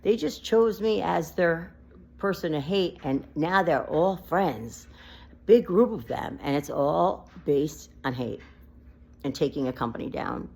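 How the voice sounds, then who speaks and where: This woman has a deep, husky voice with a darkish tone and vocal fry, animated yet unhurried. She is an adult with a child vlogging off the cuff in an unedited monologue, rambling and emotional, almost in tears.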